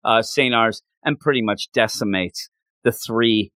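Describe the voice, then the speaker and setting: A man co-hosting a casual chat, animated and excitable, slipping into quoted voices. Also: on the low side, a little slow, no echo, studio quality. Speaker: podcast co-host.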